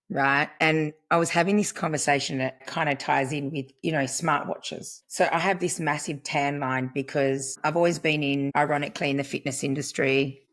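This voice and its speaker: A middle-aged woman, a podcast guest, speaking earnestly in a reflective conversation and quoting what she once said. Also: sits low. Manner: earnest, storytelling, quotes herself. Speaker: podcast guest, family constellations practitioner.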